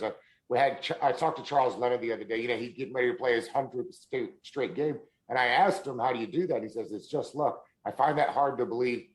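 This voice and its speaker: A man hosting a sports podcast, asking his guest questions in a relaxed, conversational way. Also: mid-range voice, rough recording. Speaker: podcast host. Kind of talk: casual podcast interview.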